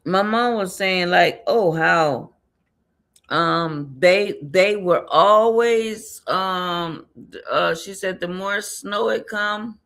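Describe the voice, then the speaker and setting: Slow, gravelly-voiced woman reader. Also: fairly low pitch, fairly bright tone. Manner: rambling, repetitive, laughs often, mutters to herself. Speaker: tarot and numerology reader. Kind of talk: casual spiritual reading livestream.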